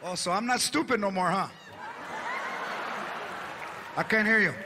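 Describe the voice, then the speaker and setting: A man's voice: high-pitched, unhurried, background noise. A man doing a sarcastic scolding older wife. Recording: live stage with loud crowd.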